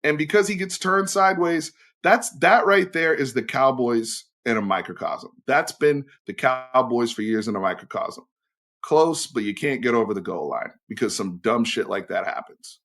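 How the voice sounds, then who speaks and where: A young adult man giving opinionated, blunt commentary as a sports host. He swears freely and swings between loud outbursts and low, emphatic asides. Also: expressive, moderate pace.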